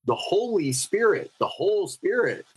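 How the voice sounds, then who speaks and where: A man who is a podcast guest, telling stories in an animated, spiritual way with many fillers, in casual conversation. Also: high-pitched, normal speed, husky, poor audio.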